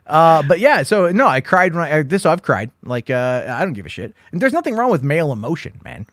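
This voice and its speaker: A man in his thirties hosts a casual late-night movie chat, his voice sitting a little high and close with no room around it. He rambles, swears freely and acts out quotes as he tells his stories. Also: very animated, a little fast, a bit bright, no echo. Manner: rambling, profane, storytelling with acted-out quotes. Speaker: host.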